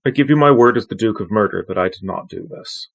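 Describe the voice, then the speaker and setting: Gravelly man role-playing. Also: on the low side, fast, rough recording. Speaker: player. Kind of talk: in-character tabletop role-play.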